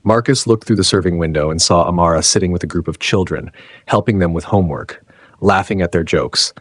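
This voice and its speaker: Deep, husky male story narrator. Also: no echo. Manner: measured, dramatic short phrases.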